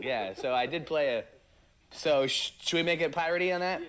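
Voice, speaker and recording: A man's voice: on the high side, expressive, moderate pace, fairly bright tone. Playful man in an interview chat. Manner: playful, tries out pirate growls mid-sentence. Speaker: actor in an interview.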